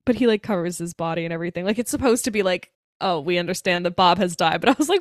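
A woman's voice: fairly low pitch, expressive, fast talker, dry recording, studio quality. A woman co-hosting a podcast, chatting casually and with animation about a horror film, swearing freely and acting out the characters' lines. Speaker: podcast co-host.

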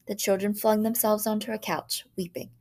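A woman teacher reading a short story aloud in a measured, dramatic way. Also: medium pitch, fairly even intonation, a little mellow.

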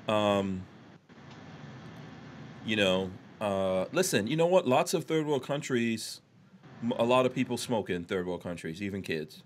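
A man's voice: fairly low pitch, animated, unhurried, pauses often, a little hiss or hum. A man hosting a live podcast in casual chat, reading out viewer comments and reacting. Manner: reads viewer comments aloud. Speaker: podcast host.

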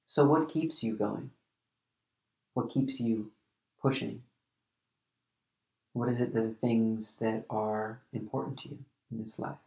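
A man hosting a solo podcast, talking earnestly and reflectively, often halting and restarting his sentences. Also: lowish voice, steady tone, creaky, darkish tone, echoey room. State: emotional at times. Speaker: podcast host.

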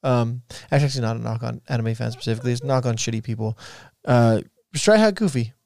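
A man's voice: mid-range voice, fast, creaky, no echo, clean studio sound. A man co-hosting a podcast, chatting casually and chiming in with short reactions. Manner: relaxed, chimes in with short reactions. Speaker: podcast co-host. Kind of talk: casual chat.

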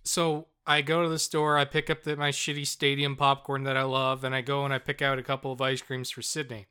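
Bright, laughing man telling a story. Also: mid-range voice, brisk, clean tone. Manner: animated, laughing storyteller who swears freely. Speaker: podcast co-host. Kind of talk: casual chat.

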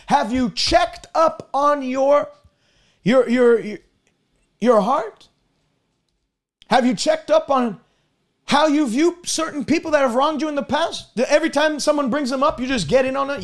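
Male preacher, very high pitch, emphatic and repetitive, scripture-heavy streamed sermon. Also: expressive, moderate pace.

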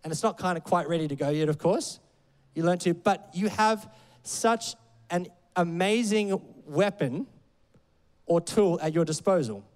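A man's voice: high voice, unhurried, a little mellow, in a large hall. A man preaching a sermon in a loose, conversational way, full of fillers and playful asides. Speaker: pastor. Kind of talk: casual sermon.

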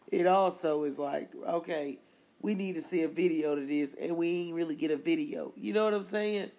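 Brief: female podcast co-host, casual rambling music talk, frequent laughs, lots of vocal fry. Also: fairly low pitch, warm tone. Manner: rambling, laughs often, quick asides. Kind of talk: casual chat about music.

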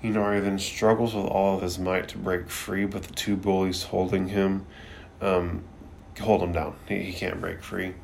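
A man's voice: sits low, little pitch movement, normal speed, vocal fry, slight background noise. A man recapping an anime episode in a laid-back, casual way, swearing freely and using loose filler words. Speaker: anime reviewer.

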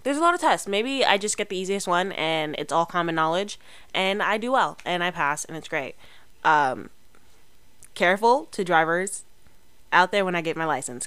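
Chatty young woman vlogger, clear voice. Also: fairly low pitch, a bit bright, no echo. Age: young adult. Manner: chatty, rambling, lots of fillers and self-corrections. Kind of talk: casual chat to camera.

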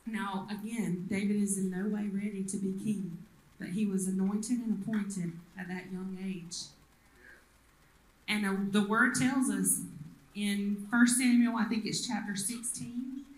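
A woman's voice: medium pitch, fairly even intonation, unhurried, echoey room, poor audio. A woman pastor, preaching a sermon and retelling the story with acted voices. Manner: storytelling, acts out the quoted people.

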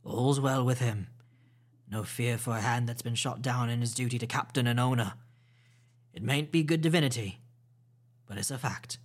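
A gruff, stubborn old sea captain, as a man reads him aloud in a storybook reading. His talk is blunt and clipped, full of seafaring turns, and held at a middling pitch. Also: normal speed, long pauses, natural voice. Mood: steady, blunt. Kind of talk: audiobook reading.

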